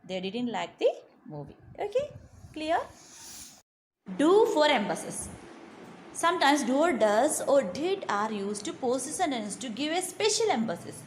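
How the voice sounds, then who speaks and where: A woman teaching grammar, pausing often on "okay" and leaning hard on example words. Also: sits high, big pitch swings. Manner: frequent "okay" and short pauses between points; stresses example words strongly. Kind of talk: explaining grammar in a recorded lesson. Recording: faint background noise.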